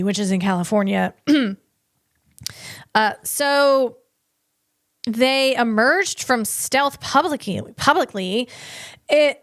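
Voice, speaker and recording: A woman hosting a comedic tech podcast on her own, bubbly and excitable, rambling with playful asides. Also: on the high side, dry recording, clean studio sound.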